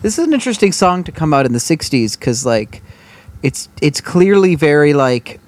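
A man's voice: on the high side, very animated, moderate pace, a little mellow. A man co-hosting a casual podcast who talks in a loose, joking way, with some swearing. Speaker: podcast co-host. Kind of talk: casual chat.

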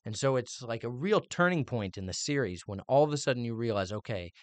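A middle-aged man co-hosting a casual podcast chat, animated and teasing. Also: mid-range voice, brisk, no echo. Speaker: podcast co-host, father.

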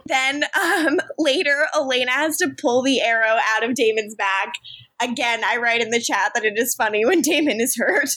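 A woman's voice: on the high side, normal speed, sharp tone. A woman co-hosting a podcast, chatting casually and laughing often, acting out character lines as she recaps. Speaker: podcast co-host.

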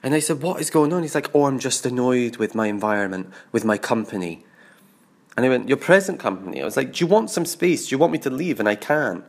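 A man recording a confessional audio diary, expressive and sweary, mimicking sounds and other people's voices as he recounts events. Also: medium pitch, quick pace. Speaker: diarist.

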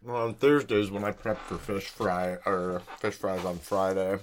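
Casting: young male co-host, lowish voice, loose rambling chat between bites. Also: steady tone, unhurried, a little hiss or hum. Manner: rambling, lots of fillers, talks with food. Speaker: podcast co-host. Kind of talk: casual chat while eating.

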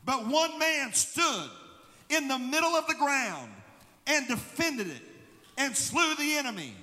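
High bright-voiced male pastor preaching, church hall reverb. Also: big pitch swings, a little slow. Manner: preaching, building to shouted emphasis. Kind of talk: sermon. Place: church sanctuary.

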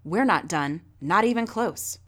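A woman's voice: fairly low pitch, animated, unhurried, a bit bright. A woman voicing a determined, stubborn young girl in a storybook reading.

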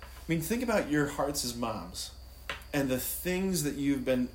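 A man giving an informal Catholic talk, animated and conversational, often laughing and asking "right?". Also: mid-range voice, a little slow, slight background noise. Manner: laughs easily while talking. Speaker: Catholic speaker. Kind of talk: casual faith talk.

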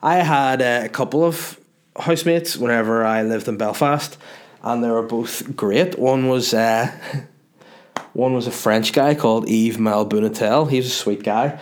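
Young northern irish comedian just chatting, loose and jokey, swears a lot. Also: male voice, mid-range voice, a little slow. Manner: loose and jokey, swearing, reads messages aloud. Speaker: comedian answering viewer questions. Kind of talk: casual chat.

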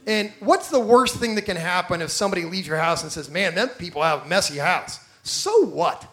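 A male pastor with a high voice delivers a lively sermon. He tells stories with energy, acts out the people he quotes, and turns to the congregation with direct questions. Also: brisk.

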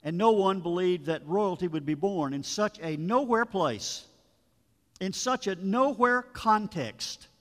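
Man, pastor, sermon, storytelling delivery, high pitch, long hall reverb. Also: lively intonation, a little slow. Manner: storytelling, conversational asides. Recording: long reverb of a large room.

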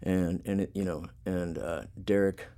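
A podcast host who is also a punk musician chats casually, spinning long rambling stories packed with swearing and filler words in a laid-back way. His low voice is mellow, fairly even in intonation and a little slow.

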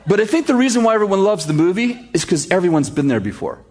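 A man preaching a sermon, telling a story with animated, sarcastic humor before reading scripture. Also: high-pitched, fast. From United States. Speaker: pastor.

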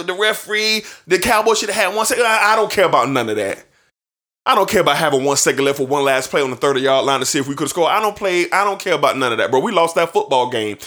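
A man in his thirties hosting a sports talk show, ranting passionately about his team's playoff loss and sometimes rising to shouts. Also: on the high side. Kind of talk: heated sports opinion rant.

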